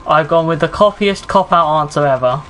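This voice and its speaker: A gaming streamer with a higher, slightly bright voice plays a battle royale at normal speed, chatting with viewers and commenting on his play. He swears when under pressure, and the low-quality recording carries slight background noise.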